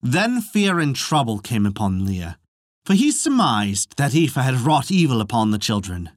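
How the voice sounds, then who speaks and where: A podcast storyteller reading an old legend in a measured, expressive voice. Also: mid-range voice, no room sound, clean studio sound. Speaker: storyteller narrating folklore. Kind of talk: audiobook-style narration.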